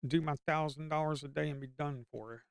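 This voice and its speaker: A man's voice: on the high side, steady tone, brisk, gravelly, clean tone, dry recording, clean studio sound. Man muttering live trading commentary. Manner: talks to the screen, coaxing the market aloud; mutters and curses under his breath. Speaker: livestream day trader.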